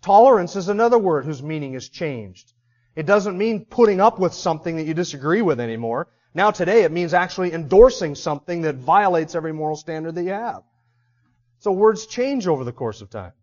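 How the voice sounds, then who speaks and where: High-voiced emphatic male preacher. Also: expressive, brisk, highs cut off. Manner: emphatic preaching, swings from loud to quiet. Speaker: pastor. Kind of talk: sermon.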